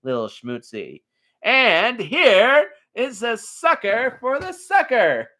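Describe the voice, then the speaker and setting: An actor playing a sarcastic, smooth-talking male god of the underworld in animated film dialogue. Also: very high voice, slow, heavily acted. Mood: sardonic.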